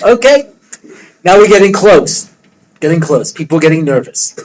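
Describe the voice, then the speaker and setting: Middle-aged rabbi guy, kinda high voice, cracking jokes while he tells stories in a lecture. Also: animated, normal speed, long pauses, darkish tone, poor audio. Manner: joking, conversational, full of asides and quips. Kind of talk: humorous storytelling lecture.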